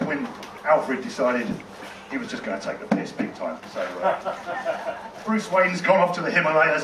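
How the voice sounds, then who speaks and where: A man doing a stand-up set in a rambling, chatty and sweary way. His voice sits high. The sound is echoey and distant, recorded in a tent with plenty of noise behind. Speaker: stand-up comedian. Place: tent in a car park.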